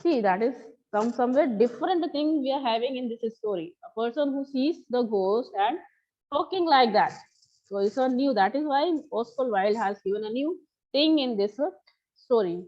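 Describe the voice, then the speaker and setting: A woman's voice: on the high side, animated, normal speed. A woman teacher, explaining a story to a class and repeating each line in her own words. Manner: explanatory, repeats and paraphrases lines. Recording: slightly dull lo-fi recording.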